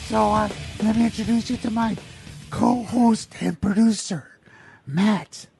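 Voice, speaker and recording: A man hosting a podcast in casual, profane banter, his voice hoarse and raspy. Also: sits high, a little slow, dark tone, faint music behind. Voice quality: raspy, gravelly. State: hoarse, strained voice. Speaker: podcast host. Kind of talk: casual chat.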